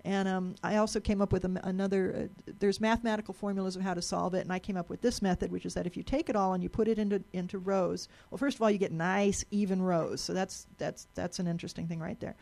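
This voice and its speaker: A woman's voice: medium pitch, steady tone, fast, vocal fry, few pauses, darkish tone. A woman giving a live presentation to an audience in a lecture room, chatty and explanatory, often restarting and repeating words.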